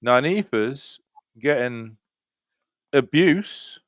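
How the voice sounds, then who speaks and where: A man's voice: medium pitch, expressive, very slow, no echo, studio quality. A man chatting casually, laid-back and slangy. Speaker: livestream panel guest. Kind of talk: casual chat.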